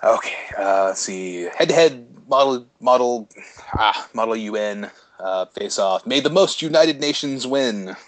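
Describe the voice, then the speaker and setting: A man's voice: medium pitch, animated, unhurried, no room sound. A man co-hosting a casual podcast, talking in a chatty way with frequent laughs, fillers and restarts. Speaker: podcast co-host. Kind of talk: casual chat.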